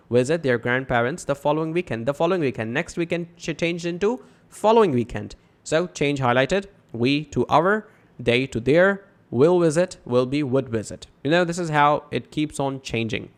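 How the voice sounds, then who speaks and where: A man gives a casual online English grammar lesson, reading example sentences aloud and then talking them through. He leans on fillers such as "you know" and "right?" as he goes. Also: medium pitch. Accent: South Asian English.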